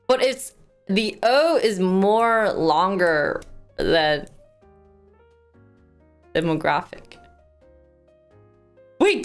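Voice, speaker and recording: Slow-talking woman streamer. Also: mid-range voice. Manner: chatty, thanks donors, stumbles over hard words. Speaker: live streamer. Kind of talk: casual live stream chat, reading news aloud.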